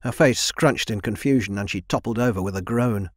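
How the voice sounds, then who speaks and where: A man narrating a young adult fantasy audiobook in an even, measured reading. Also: on the low side, husky, dry recording, studio quality. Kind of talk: scripted narration.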